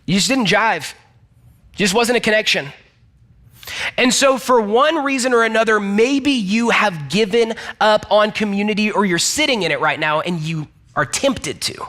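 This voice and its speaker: Young male pastor, bright tone, casual conversational sermon, talks straight to the room. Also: high-pitched, expressive, moderate pace. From Georgia, US. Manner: chatty, self-deprecating, addresses listeners directly.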